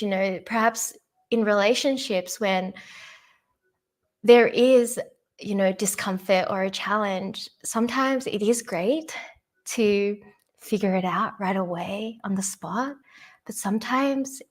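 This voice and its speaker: A young woman speaking softly at a peace summit, telling a personal relationship story in an unhurried, reflective way and laughing lightly between phrases. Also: medium pitch.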